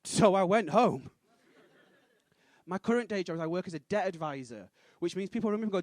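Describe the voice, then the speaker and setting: A man, doing a quick, punchy stand-up set on a comedy club stage. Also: sits high, lively intonation, dry recording. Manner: quick punchy delivery with sudden loud punchlines and voices.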